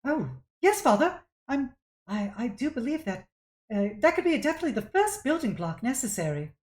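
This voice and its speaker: A woman voicing a young female construct who pleads with her father, her voice raised high and strained. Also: very animated, moderate pace, darkish tone, roomy sound. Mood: eager.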